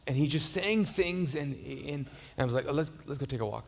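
A man's voice: fairly high pitch, a little fast, creaky, few pauses, big-room sound, a little hiss or hum. A man preaching a sermon as pastor, conversational and storytelling, with frequent restarts and repeated words. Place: church auditorium.

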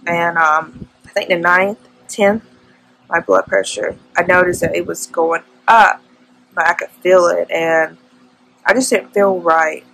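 Young woman vlogging from home, kinda low and creaky, talks about faith and gets emotional. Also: fairly even intonation, unhurried, fairly bright tone, slight background noise, rough recording. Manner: emotional, faith-filled testimony. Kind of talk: casual vlog chat.

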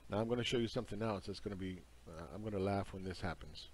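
A man's voice: lowish voice, fast, a little hiss or hum. A man lecturing on market charts in an emphatic, insistent and scornful way. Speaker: market commentary host.

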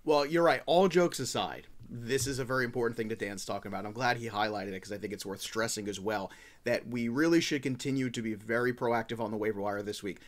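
A man hosts a casual fantasy football podcast and talks at a rapid clip. He is brisk, teases his co-hosts, and keeps his pitch in the middle range. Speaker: podcast host.

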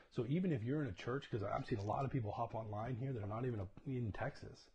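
A man's voice: medium pitch, quick pace, few pauses, a little mellow. A man preaching a casual livestreamed sermon, talking conversationally, often checking in with "okay?" and laughing at himself as he tells personal stories. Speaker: pastor. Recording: dull lo-fi livestream audio with faint noise.

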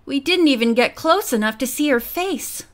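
A woman's voice: sits high, expressive, normal speed. Woman voicing a timid, worried teen girl.

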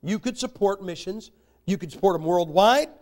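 A man's voice: high voice, animated, moderate pace, a little mellow. A man preaching a sermon in a folksy, joking way, with emphatic rises in his delivery. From United States.

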